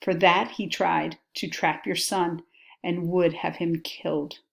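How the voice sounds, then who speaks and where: A woman's voice: lowish voice, fairly even intonation, slow, vocal fry. A woman voicing a scheming young nobleman who pleads and then rallies others, in a raised, urgent voice. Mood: pleading.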